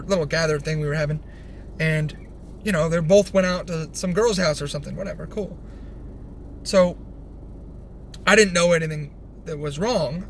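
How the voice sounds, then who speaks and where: A young man telling a rambling personal story, animated, swearing freely and restarting his sentences. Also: on the high side. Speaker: vlogger. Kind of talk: casual storytelling. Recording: faint background noise.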